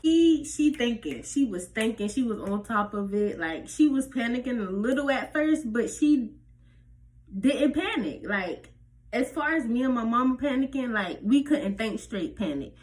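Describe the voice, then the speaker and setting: A young woman tells a personal story in a casual storytime vlog, speaking straight to her viewers. Her voice sits fairly high, and her delivery is animated and loose, with plenty of swearing. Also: measured pace. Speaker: vlogger telling a personal story.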